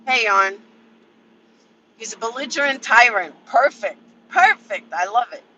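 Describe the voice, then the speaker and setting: A man's voice: very high-pitched, moderate pace, pushed and bright, muffled recording, slight background noise. A man ranting casually and profanely on a livestream from a vehicle, answering chat members by name. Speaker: livestream commentator.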